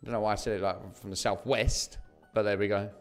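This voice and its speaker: A man's voice: on the low side, fairly even intonation, a little fast, soft background music. A young English man from southeast England, chatting casually with viewers on a slots live stream and calling them mate and bro.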